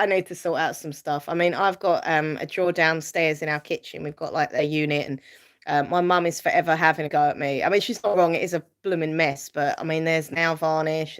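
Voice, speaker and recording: Lady rambling on a live stream, chatty, answering comments with lots of ums and little laughs. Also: deep voice. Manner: chatty, reads viewer comments aloud and answers them; rambling, with frequent fillers and light laughs. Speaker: YouTuber hosting a live stream. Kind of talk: casual live-stream chat.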